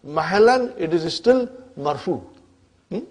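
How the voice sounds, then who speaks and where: A man teaching Arabic grammar to a class in English, often stopping to ask whether the students follow, and spelling out grammar terms slowly. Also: sits high, animated, darkish tone. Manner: checks in with students constantly, asking "huh?" and "are you with me?".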